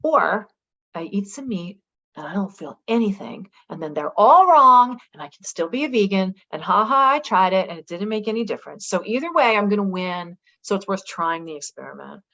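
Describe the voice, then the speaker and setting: A woman's voice: medium pitch, brisk. Middle-aged woman, guest author, mid-range voice. Chatty storyteller on a lo-fi video call. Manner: lively storyteller, acts out quoted dialogue, many fillers like "like". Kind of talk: casual storytelling interview.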